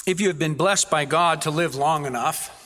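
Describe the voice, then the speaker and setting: A man's voice: a little high, normal speed, bright, forceful tone, long reverb tail. A man preaching a sermon as a pastor, earnest, building emphasis through repeated phrases.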